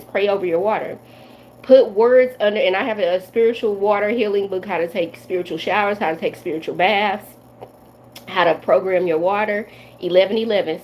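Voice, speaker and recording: A Midwestern American woman in her forties, a tarot reader, chats loosely and directly to viewers on a live stream in a medium-pitched voice. The audio is poor, with slight background noise.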